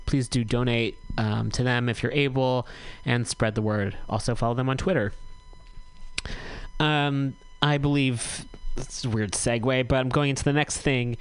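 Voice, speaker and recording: A man's voice: mid-range voice, steady tone, moderate pace, smooth, no echo, low-quality recording. A man hosting a community radio show, reading out notices in a chatty way and correcting himself as he goes. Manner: chatty, self-correcting, reads notices aloud. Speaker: radio host. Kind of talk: casual community radio talk.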